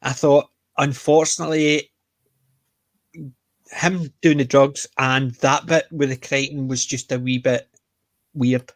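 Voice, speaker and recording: A man with a Scottish accent, co-hosting a casual podcast chat and retelling scenes with lively energy. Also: mid-range voice, takes it slowly, long pauses, no echo. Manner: chatty, animated retellings of scenes. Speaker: podcast co-host.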